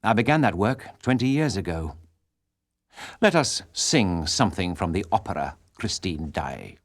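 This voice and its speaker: Masked man with a low, solemn voice for an audiobook, brooding and intense, read by a male narrator. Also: sing-song, moderate pace.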